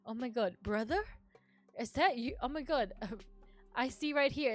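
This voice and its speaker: A woman's voice: high voice, animated, measured pace, long pauses, soft background music. A woman streaming a game, reading the text aloud, giggling, swearing and gushing about the characters.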